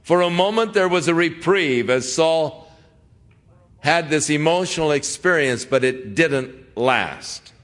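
A middle-aged male pastor who talks in an easy, conversational way. His unhurried delivery gives each point room. He slips into the voices of the people he describes to make his point. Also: on the high side, animated, fairly bright tone. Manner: conversational preaching, acting out quoted voices. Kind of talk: sermon.

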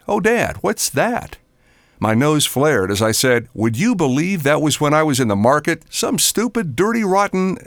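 An older man tells a devotional story with a lively voice that swings up and down as he acts out each quote. His tone is gravelly, and the recording is close and dry. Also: mid-range voice, dry recording. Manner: animated storyteller acting out quotes. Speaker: preacher.

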